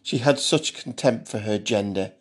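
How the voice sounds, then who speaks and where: A man narrating a thriller story in a measured, steady audiobook style. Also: lowish voice.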